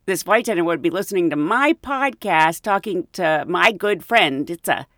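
A woman's voice: fairly low pitch, moderate pace, no room sound, studio quality. A woman hosting a podcast, telling stories in a chatty, casual way. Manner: animated, chatty. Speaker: podcast host. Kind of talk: casual storytelling chat.

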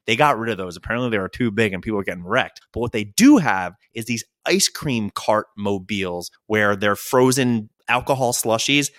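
A man's voice: on the low side, moderate pace, few pauses, no echo, studio quality. A young man hosting a podcast, telling a trip story in casual chat, joking, swearing freely and acting out what others said. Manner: animated, jokey, swears freely, acts out quoted voices. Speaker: podcast host.

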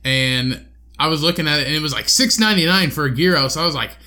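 Young guy rambling thru a story, cussing a lot, high bright voice. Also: quick pace. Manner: profane, animated retelling with quoted voices. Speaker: podcast co-host. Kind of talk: casual storytelling chat.

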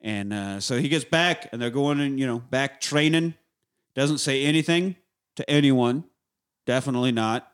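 A man in casual chat, recapping a film with an animated, rambling delivery. He slips into the characters' voices as he goes and curses without a second thought. His pitch sits in the middle for a man. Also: normal speed, clean tone. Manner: animated retelling, acting out lines with voices; swears freely. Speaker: podcast co-host recapping a film.

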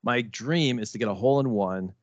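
A man's voice: medium pitch, a little fast, dry recording, highs cut off. Rambling storytelling man, dry sound. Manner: rambling storyteller with many restarts. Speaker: podcast co-host. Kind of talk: casual chat, storytelling.

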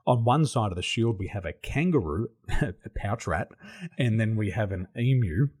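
A middle-aged Australian man telling stories as an interview guest, animated and laughing often. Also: lowish voice, moderate pace, husky. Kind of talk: casual interview storytelling.

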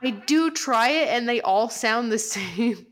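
A woman co-hosting a podcast in casual chat, talking fast and loose with lots of "like" and frequent laughter. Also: fairly high pitch, animated, a bit bright. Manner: chatty, laughs often, says "like" a lot. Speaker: podcast co-host.

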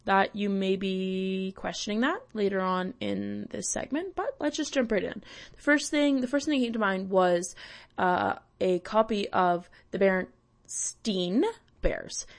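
A woman's voice: medium pitch, unhurried. A woman hosting a vlog, ranting casually in a rambling, profane, self-mocking way with many fillers. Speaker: vlog host.

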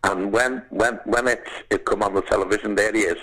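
Liverpool actor, animated storyteller, gravelly and husky, lowish pitch. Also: male voice, fairly quick, rough recording. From England. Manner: animated storyteller, acts out voices, says "lad". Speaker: actor and guest. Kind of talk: casual chat, storytelling.

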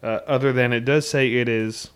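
A man's voice: mid-range voice, steady tone, moderate pace, clear, resonant tone. A man hosting a casual beer review chat, upbeat and leading the talk. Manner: upbeat, leads the segment. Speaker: podcast host.

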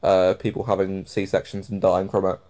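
Young English man, podcast co-host, lowish voice, casual storytelling, swears a lot. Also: level tone, moderate pace, warm tone. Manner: chatty, storytelling, laughs often, swears freely.

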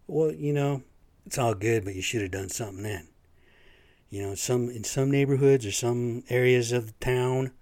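A man's voice: medium pitch, no echo. A man hosting a podcast, ranting in a rambling, profane monologue with a stuffy nose. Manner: profane, rambling, animated storytelling. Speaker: podcast host. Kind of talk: casual monologue rant.

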